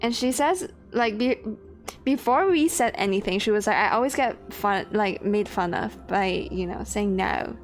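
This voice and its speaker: A woman's voice: mid-range voice, moderate pace. A young woman streaming a game, chatting casually, rambling, swearing and laughing as she greets her chat. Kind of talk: casual live-stream chat while gaming. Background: faint game music.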